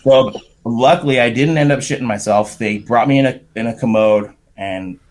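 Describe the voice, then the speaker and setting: A man's voice: mid-range voice, moderate pace. Profane man telling a wild story. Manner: profane, animated anecdote with shouted quotes. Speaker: podcast guest. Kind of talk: casual storytelling.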